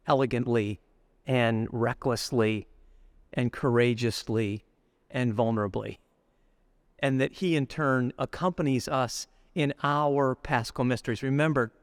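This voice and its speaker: A middle-aged man giving a spiritual retreat reflection, deliberate and storytelling, slowing down to linger on lists of words. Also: mid-range voice, no room sound. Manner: storytelling, acts out everyday speech. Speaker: retreat speaker.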